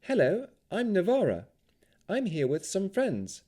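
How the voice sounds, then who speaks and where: A man's voice: high voice, huge pitch swings, measured pace, dark tone, pitched above the performer's own voice, exaggerated voice. A man voicing an eager young elf woman in an audiobook, upbeat and friendly. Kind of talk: audiobook character voice.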